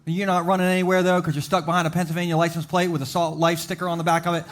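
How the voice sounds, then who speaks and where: A man preaching a humorous, story-filled sermon to a live church congregation. He jokes, does quick voices for the people in his stories, then slows to a deliberate, emphatic delivery for his main points. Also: a little high, a little hiss or hum. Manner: humorous storytelling, animated voices for quoted characters. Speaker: pastor. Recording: live church service with faint background music.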